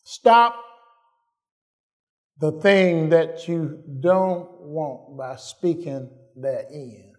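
A man with a fairly high, slightly mellow voice preaches slowly and deliberately, his intonation fairly even. He repeats phrases for emphasis and keeps asking the congregation if he's right.

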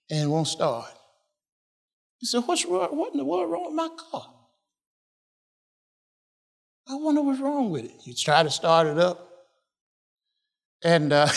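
A man preaching a sermon, repeating phrases and laughing as he drives points home. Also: fairly high pitch. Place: church. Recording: long reverb of a church hall.

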